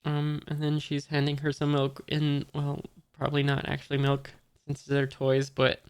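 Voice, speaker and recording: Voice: medium pitch, monotone, normal speed, clean tone. A person casually reading a comic chapter aloud, stopping often and forgetting the characters' names. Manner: reads quotes in a near-plain voice. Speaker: manga reader.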